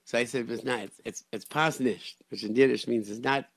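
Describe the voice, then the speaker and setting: Gravelly man telling a story. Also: medium pitch, fairly quick, no room sound. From Rochester, New York area. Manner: animated storyteller, many restarts, Hebrew and Yiddish words. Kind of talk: casual storytelling chat.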